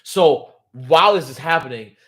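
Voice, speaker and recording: A man's voice: a little high, lively intonation, moderate pace, a bit bright, slightly rough. Rambling man recapping a manga live. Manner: rambling, lots of fillers and "bro". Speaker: livestream host.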